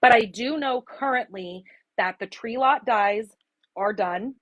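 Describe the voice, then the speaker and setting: A woman's voice: fairly high pitch, measured pace, a bit bright, no room sound, muffled recording. A woman in her forties from Arizona hosting a casual craft livestream, chatting with viewers and greeting them by name, sometimes emotional. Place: home craft room.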